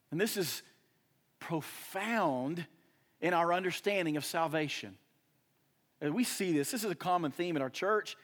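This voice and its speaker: A young adult man preaching to his congregation, his fairly high voice climbing into forceful emphatic bursts. Then he drops to a hushed, low, earnest tone to press his point home. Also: animated, a little slow, long pauses. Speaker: pastor. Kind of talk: sermon.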